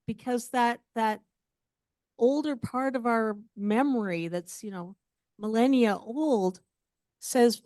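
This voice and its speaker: A woman gives a casual, personal sermon, full of candid stories and self-deprecating jokes. Her voice sits a little high. The sound is dry and close, with little room echo. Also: takes it slowly, pauses often, a little mellow. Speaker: speaker at a church service. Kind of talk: conversational sermon. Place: church sanctuary.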